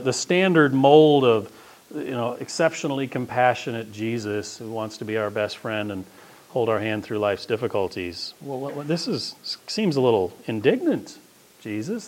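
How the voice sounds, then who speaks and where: A man's voice: mid-range voice, big pitch swings, moderate pace, darkish tone. A man preaching a sermon as pastor, talking in a conversational, emphatic way.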